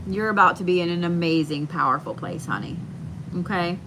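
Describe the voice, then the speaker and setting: A woman giving a live tarot card reading from home, speaking slowly and soothingly and repeating her reassurances. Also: on the low side, background noise. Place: home, indoors.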